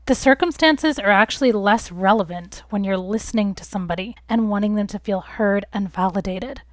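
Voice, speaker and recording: A young woman talks through relationship advice in an earnest, reassuring way, walking through examples step by step. Her voice sits at an ordinary middle pitch for a woman. It is recorded close and dry, with no room sound. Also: a little fast, dry recording. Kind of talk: casual advice talk to camera.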